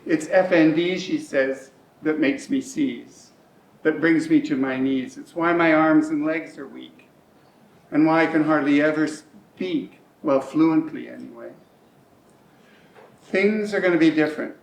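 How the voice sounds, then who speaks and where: A man's voice: fairly high pitch, a little slow, vocal fry, a little hiss or hum. A middle-aged man performing a rhymed spoken-word monologue on stage, with a rhythmic, emotionally shifting delivery. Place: community centre hall, live stage. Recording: echoey hall, mic at a distance.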